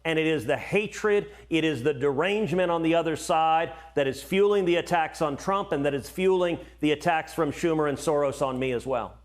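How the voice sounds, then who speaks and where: Emphatic middle-aged man, higher voice. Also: normal speed, few pauses. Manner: emphatic, repeats words when starting sentences. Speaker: senator guest. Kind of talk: cable news interview.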